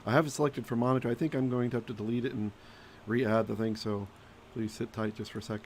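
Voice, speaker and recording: A man's voice: medium pitch, steady tone, fast talker, a little hiss or hum. A man hosting a live stream, apologizing to viewers while he works through an audio problem aloud. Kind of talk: casual live commentary.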